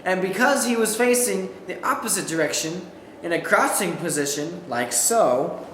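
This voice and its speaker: In a school hall full of echo and faint background noise, a young student performs a comic monologue he has memorized. He's high-pitched, keeps a moderate pace, and acts out quotes in animated shouts.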